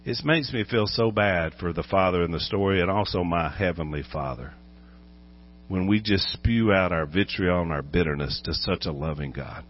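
Man, pastor, animated sermon, muffled sound, mains hum. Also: sits low, moderate pace. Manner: animated, acts out voices while preaching.

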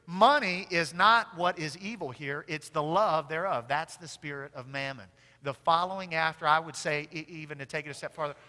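A male pastor with a high, bright, ringing voice. He preaches in a church sanctuary, rising to loud emphatic peaks and then dropping to hushed asides. The voice trails off into a long hall reverb. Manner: swings from loud emphatic declarations to quiet intimate asides. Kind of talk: sermon.

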